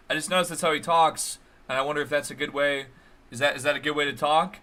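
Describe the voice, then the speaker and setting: Sardonic male streamer, bright high voice. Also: fairly even intonation, fast talker. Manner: sardonic, dry mocking remarks. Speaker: streamer reacting to a video. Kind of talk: casual live-stream commentary.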